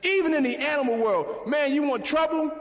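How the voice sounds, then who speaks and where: A man preaching a sermon in a church, animated and calling out to the congregation. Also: extremely high pitch, a little fast. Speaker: pastor. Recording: echoey church hall.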